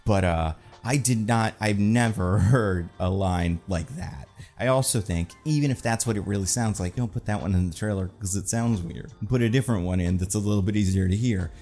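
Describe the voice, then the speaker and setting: A man's voice: on the low side, fairly quick, few pauses, a little mellow, soft background music. A man hosting casual, rambling movie commentary in a sarcastic, joking tone with lots of fillers. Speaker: film commentary host.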